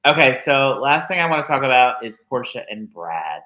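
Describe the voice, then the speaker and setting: Bright-voiced man co-hosting a chat. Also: mid-range voice, big pitch swings, normal speed, low-quality recording. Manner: chatty, agreeable, laughs a lot. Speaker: podcast co-host. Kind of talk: casual chat.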